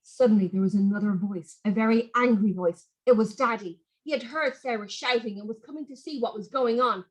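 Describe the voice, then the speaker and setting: A woman reading a children's story aloud in an expressive, animated way. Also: fairly high pitch, a little fast, few pauses, poor audio.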